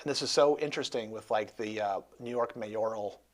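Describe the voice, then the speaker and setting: A man's voice: on the low side, a little fast. A man hosting a casual interview chat, rambling and joking with lots of restarts. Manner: rambling, jokey, many restarts. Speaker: host.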